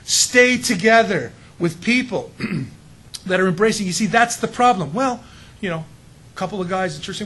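A man's voice: sits high, expressive, moderate pace, a bit bright, slightly rough, low-quality recording. A middle-aged male pastor preaching a sermon in an emphatic, conversational way, often asking the congregation rhetorical questions.

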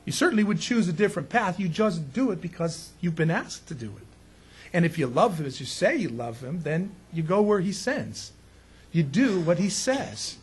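A man's voice: high-pitched, animated, normal speed, a little hiss or hum. A man preaching a conversational sermon as pastor, joking and emphatic, often putting questions to his listeners.

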